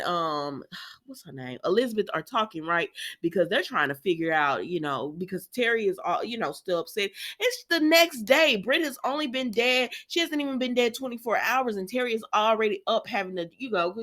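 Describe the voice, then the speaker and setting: A woman hosting a casual, animated recap chat, talking easily and laughing often. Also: mid-range voice, moderate pace. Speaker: soap opera recap host.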